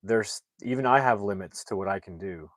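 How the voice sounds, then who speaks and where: Man loosely quoting a stern older Santa, low voice, dry close sound, casual plot recap. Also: a little fast, fairly bright tone, no echo, lightly acted. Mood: stern, regretful. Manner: casual retelling of movie lines. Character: Santa Claus, older man, gruff sorrowful gunslinger.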